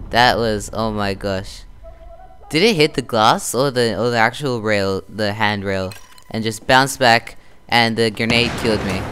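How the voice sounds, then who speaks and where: A young Australian gaming channel host chats through his gameplay, narrating his own moves as he plays. His voice is fairly low, with slight background noise and loud game gunfire behind it.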